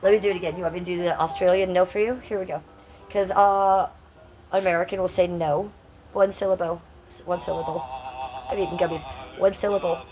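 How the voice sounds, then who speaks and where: A woman's voice: lowish voice, steady tone, a little fast, music in the background. A woman hosting a casual livestream, reading chat comments aloud in a brash, crude and playful way. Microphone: phone.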